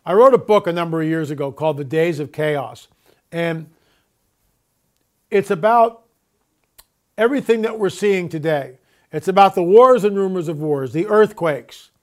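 A man hosting his own report, delivering an emphatic commentary monologue full of rhetorical questions and slowly stretched, repeated catchphrases. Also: a little high. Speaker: host of own video report.

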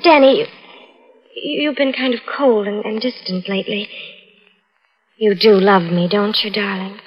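A woman's voice: mid-range voice, a little slow, close to an everyday voice. A woman playing a young fiancée who turns into a cold, calculating blackmailer, in 1940s radio drama style, sweetly coaxing then icy. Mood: tender. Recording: dull old radio broadcast.

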